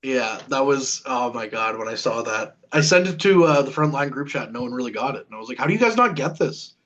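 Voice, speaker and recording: Animated man hosting a podcast. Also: mid-range voice, brisk, dull audio. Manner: animated, laughs easily. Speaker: podcast host. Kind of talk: casual interview chat.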